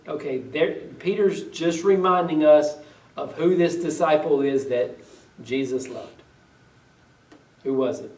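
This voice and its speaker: Echoey pastor preaching from afar. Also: male voice, a little high, takes it slowly, darkish tone. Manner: reads old-style scripture then retells it in everyday talk, questions the congregation. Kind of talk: conversational sermon with scripture reading. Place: church sanctuary. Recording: echoey room, voice from a distance.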